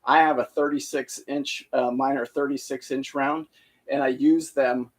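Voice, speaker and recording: A middle-aged man with a slightly husky voice at an ordinary pitch tells a boating story on a casual live stream. He rambles, fills pauses with "uh" and "um", and often restarts his sentences. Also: steady tone. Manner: rambling, many fillers and restarts. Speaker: boating vlogger.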